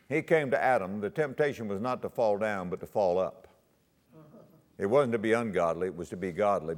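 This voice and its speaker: A man preaching a sermon, quoting scripture in old-fashioned wording and swinging his voice high and low for emphasis. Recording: long hall reverb.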